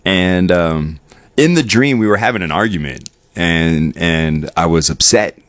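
A man sharing a personal story with his viewers, halting and reflective, often repeating words. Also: sits low, lively intonation, fairly bright tone, no echo. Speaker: vlogger.

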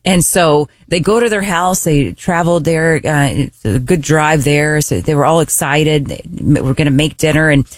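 A woman co-hosting a radio show, telling a funny family story in an animated way, often laughing and acting out the voices. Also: low voice, moderate pace, hardly any pauses, no echo. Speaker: radio co-host.

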